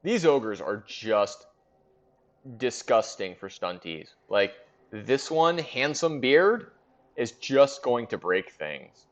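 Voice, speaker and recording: A man's voice: medium pitch, dull audio. A man hosting a casual recap of a league in a fantasy sports board game, chatting and thinking aloud with fillers.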